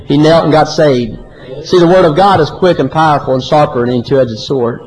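A man preaching a sermon, swinging from loud high climbs to low quiet drops. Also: brisk, rough recording. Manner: animated preaching, often rising high and loud, then dropping low.

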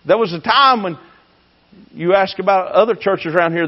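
Impassioned preacher, high-pitched. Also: male voice, moderate pace, highs cut off. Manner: impassioned, swings from shouting to hushed. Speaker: pastor. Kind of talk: fiery sermon.

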